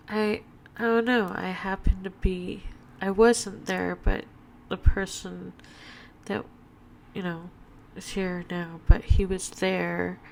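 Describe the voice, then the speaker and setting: A woman with a tired voice rambling slowly through a casual home vlog, full of fillers and restarts. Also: lowish voice, gravelly, slight background noise. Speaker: vlogger. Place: at home, in her apartment. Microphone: webcam setup.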